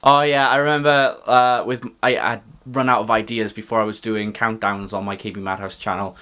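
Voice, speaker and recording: A man's voice: lowish voice, fairly even intonation, fairly quick, pushed and bright. A man making casual, self-mocking reaction commentary on his own old video. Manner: self-mocking, wry asides.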